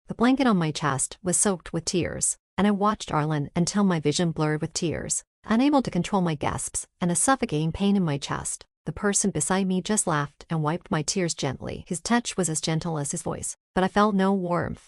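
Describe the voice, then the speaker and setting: A woman narrating a first-person romance story, in a steady, measured way. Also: lowish voice, dry recording, clean studio sound.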